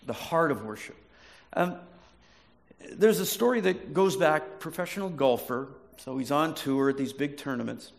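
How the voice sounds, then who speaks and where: Gravelly-voiced male pastor preaching. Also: a little high, expressive, moderate pace. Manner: storytelling, restarts words, asks the audience questions. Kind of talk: sermon.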